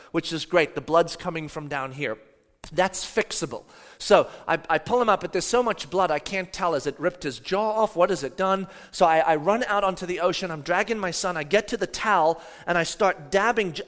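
A man in his thirties telling a personal story to an audience, animated, moving from shouting to a near whisper. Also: high-pitched, big-room sound. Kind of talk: dramatic storytelling talk.

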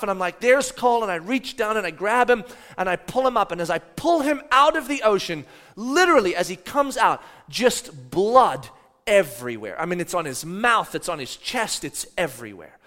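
Guy telling a story, kinda high voice, loud then hushed, lots of hall echo. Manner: animated, swings from shouting to near whisper. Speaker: speaker telling a personal story. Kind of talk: dramatic storytelling talk.

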